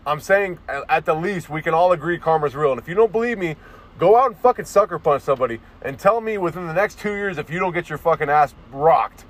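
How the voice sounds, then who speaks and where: A man's voice: fairly high pitch, quick pace. A man ranting in a casual monologue as a vlogger, profane and rambling, restarting his sentences often.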